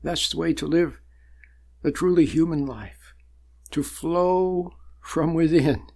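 An older man giving a sermon-like spiritual talk, measured and emphatic, building points through repeated phrases and long pauses. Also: fairly high pitch, gravelly, a little mellow. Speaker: spiritual teacher.

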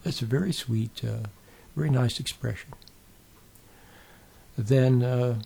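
A man giving an informal spiritual talk in a gentle, folksy storytelling way, often checking in with the listener. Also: medium pitch, takes it slowly, creaky, husky. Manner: folksy storytelling with many fillers and restarts. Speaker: spiritual teacher.

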